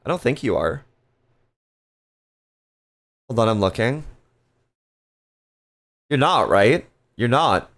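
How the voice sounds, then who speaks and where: A man's voice: medium pitch, big pitch swings, takes it slowly, long pauses, fairly bright tone. A man casually chatting on a live stream, reading viewer messages aloud with playful jokes and frequent laughter. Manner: laughs often.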